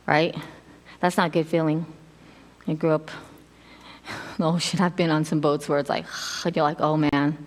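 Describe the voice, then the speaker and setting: A middle-aged woman giving a casual sermon, telling stories in an animated way and acting out quotes with laughs. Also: fairly low pitch. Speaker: preacher. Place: church sanctuary. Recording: long hall reverb.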